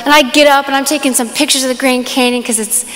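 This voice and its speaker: Young woman speaker at a youth conference, excitable storyteller, reverberant live hall. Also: high-pitched, fast. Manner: animated storytelling, excited exclamations. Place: large hall.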